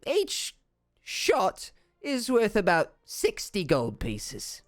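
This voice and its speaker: A man voicing a friendly, sly goblin barmaid woman who teases in drawn-out, sing-song lines. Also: high voice, huge pitch swings, dry recording, clean studio sound, voice pushed up, full character voice. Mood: teasing.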